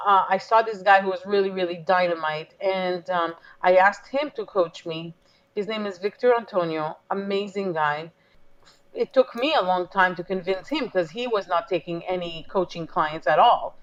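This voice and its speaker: A woman's voice: lowish voice, dull audio. A woman business coach, a guest in an interview, telling a personal story with feeling and acting out the dialogue she quotes.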